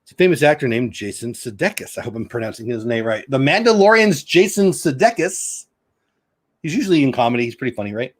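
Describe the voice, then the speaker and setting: A man's voice: medium pitch, animated, very fast, few pauses, darkish tone. A middle-aged man hosting a casual news chat, reading reports aloud and breaking in with his own asides. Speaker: show host.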